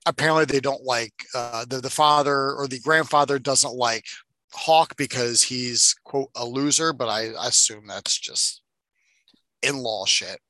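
A man's voice: mid-range voice, measured pace, bright, forceful tone, no room sound. A man co-hosting a casual movie-review podcast, swearing freely and mocking the film with sarcasm. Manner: profane, sarcastic, acts out movie lines. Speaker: podcast co-host.

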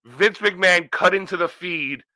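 Dude cohosting a podcast, super bright sharp tone, kinda high, swears a lot, dry close sound. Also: male voice, a little slow, no echo, low-quality recording. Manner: profane, joking wrestling talk. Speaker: podcast co-host. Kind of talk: casual chat.

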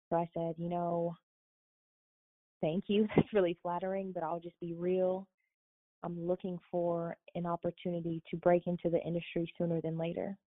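A young woman from Florida, a guest telling her story in a casual, animated way and often quoting others. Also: lowish voice, dry recording. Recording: dry tinny phone-line sound.

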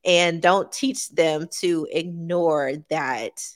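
A woman's voice: on the low side, extremely slow. A woman co-hosting a podcast, earnestly giving parenting advice in casual chat, often restarting her sentences. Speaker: podcast co-host.

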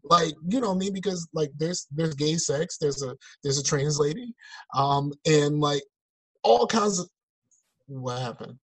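A man co-hosting a podcast in casual chat, talking in animated, exasperated rants over a remote call. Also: on the high side, measured pace, slightly rough, poor audio. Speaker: podcast co-host. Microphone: remote call mic.

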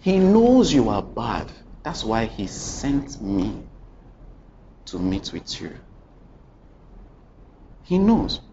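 A man's voice: huge pitch swings, drawn-out words, long pauses, slight background noise. A man preaching a sermon, telling a story dramatically and putting questions straight to the congregation, with repeated phrases. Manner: dramatic storytelling with sudden swings in pitch and loudness; addresses the congregation directly with questions and repetition. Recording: dull lo-fi recording with faint ambience.

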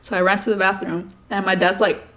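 A young woman co-hosting a podcast, telling childhood stories in a casual, profane, animated way. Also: mid-range voice, brisk. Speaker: podcast co-host. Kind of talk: casual storytelling chat.

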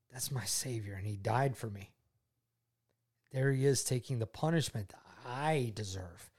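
A man speaking to his daughter, telling his faith testimony in an earnest, heartfelt way, often repeating himself and going quiet when moved. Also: mid-range voice. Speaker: father talking with his daughter.

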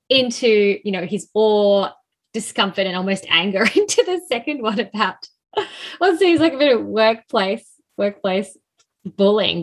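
A woman co-hosts a podcast in relaxed, casual chat. She sounds eager and laughs often. Her voice sits in a middle pitch. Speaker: podcast co-host.

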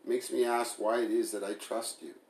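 A man voicing a hurt, intense young woman, with a pleading, sharp way of talking. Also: lowish voice, steady tone, a little fast, natural voice. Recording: roomy echo.

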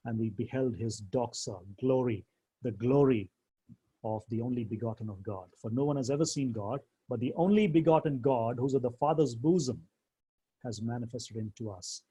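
Male Bible teacher, dark husky voice, emphatic and deliberate lecture delivery. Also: mid-range voice. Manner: deliberate, emphatic, slows down when quoting scripture. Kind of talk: theology lecture to a class.

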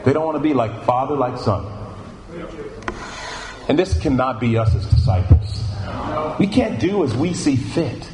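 A man's voice: medium pitch, unhurried, pauses often, a crowd in the background. Echoey male preacher repeating phrases. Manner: animated, repeats phrases for emphasis. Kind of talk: sermon. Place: church meeting room. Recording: echoey room with faint noise.

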